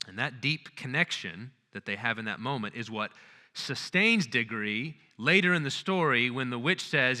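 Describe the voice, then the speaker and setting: A man lecturing at a conference, retelling stories earnestly and checking in with the audience. His voice has a bright, sharp, forceful tone. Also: medium pitch, expressive, moderate pace, long reverb tail. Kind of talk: lecture on literature and faith.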